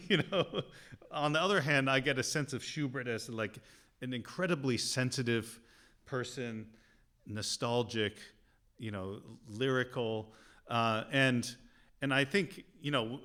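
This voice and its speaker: A man's voice: medium pitch, fairly bright tone. A man giving an informal piano lecture, talking casually with many fillers and humming musical phrases aloud.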